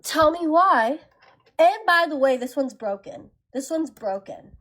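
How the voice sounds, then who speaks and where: Woman, high voice, excitable, rambling vlog talk. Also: measured pace. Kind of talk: social media vlog.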